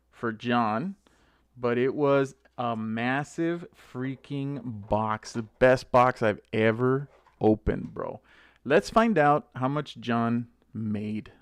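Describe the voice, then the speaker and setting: A man hosting a casual live stream, chatting excitedly to viewers by name as he opens card packs. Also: mid-range voice, slow pace, smooth, no room sound. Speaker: channel host opening card packs.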